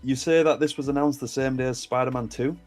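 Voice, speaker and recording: A man's voice: medium pitch, steady tone, fast talker, a little mellow, soft background music. A British man co-hosting a podcast, chatting enthusiastically with swearing and laughter. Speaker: podcast co-host. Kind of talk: casual chat.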